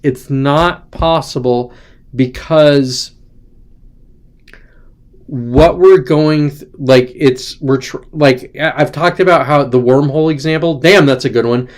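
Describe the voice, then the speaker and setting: A man's voice: on the high side, takes it slowly. A man hosting a casual livestream from his desk, talking in a digressive, chatty way with lots of ums and restarts. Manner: digressive, chatty, frequent ums and self-corrections. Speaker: livestream host. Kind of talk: casual rambling livestream talk.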